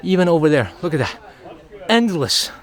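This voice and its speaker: A man's voice: on the high side, sing-song, moderate pace, a faint crowd. A man narrating his own travel vlog while hiking up a mountain trail outdoors, chatty and repeating himself, getting winded. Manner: chatty, repeats phrases, thinks aloud. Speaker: travel vlogger.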